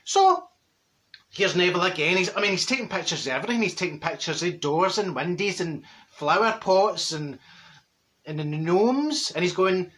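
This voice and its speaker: Man in drag as a Glaswegian gossip, middle-aged, blunt and chatty, bright forceful voice, comic monologue. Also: high-pitched, sing-song, moderate pace. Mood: gossipy. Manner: chatty, blunt, laughs at own stories. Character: straight-talking gossipy middle-aged Glasgow woman. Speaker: comic character.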